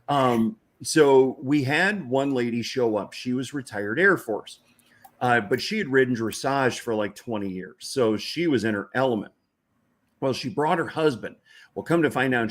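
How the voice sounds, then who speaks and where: A man, a guest from a veterans' ranch, telling a story in a folksy, chuckling way with lots of "you know". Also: mid-range voice. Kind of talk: casual anecdotal storytelling.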